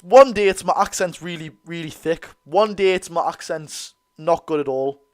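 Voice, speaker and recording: Excitable Geordie man commentating live. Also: a little high, moderate pace. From North East England. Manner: excitable, banter-filled, reads chat aloud. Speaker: football channel host. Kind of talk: live match watch-along commentary.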